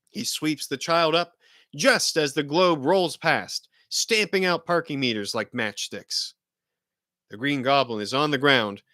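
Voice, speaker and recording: A man reads an action screenplay aloud with a bright, forceful tone and a voice that leaps up and down in pitch. His narration is energetic and vivid. The sound is close and dry. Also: no echo. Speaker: host reading a film script. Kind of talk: dramatic script reading.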